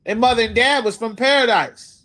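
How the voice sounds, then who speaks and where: A man teaching a scripture class, speaking emphatically and asking his listeners if they understand. He reads verses slowly, then explains them in everyday talk. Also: very high voice, sharp tone. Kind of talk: scripture lecture.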